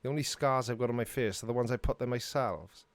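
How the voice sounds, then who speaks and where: A middle-aged man with a Welsh accent hosts a casual live-stream Q&A, reading viewer comments aloud and answering them in a chatty, self-mocking way. His voice sits at an ordinary middle pitch. The sound is dry and close, with no room echo. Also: fast. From Wales.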